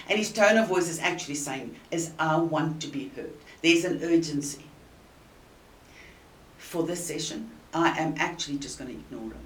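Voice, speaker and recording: South African woman, low voice, earnest coaching talk, roomy distant sound. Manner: earnest, emphatic, with deliberate pauses. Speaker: communication coach. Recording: roomy and distant with faint hiss.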